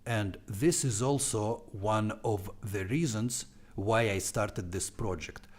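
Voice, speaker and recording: A young man with a Russian accent chats informally on his live stream, tossing in Russian words now and then. His voice is fairly low and his pace slow.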